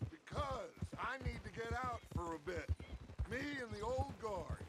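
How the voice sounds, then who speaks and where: An actor playing a charismatic, grandiose middle-aged gang leader in a video game, talking in a smooth, theatrical, persuasive way. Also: male voice, high-pitched, animated, a little slow, very noisy. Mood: wistful.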